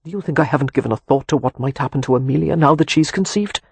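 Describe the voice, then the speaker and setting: A worn-out, protective Romany man drawls with dry sarcasm, voiced by a male audiobook narrator. His tone sits a little high and husky, read close in a dead, dry booth. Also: quick pace, dry recording. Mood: tense. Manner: dry sarcasm, earnest when tender.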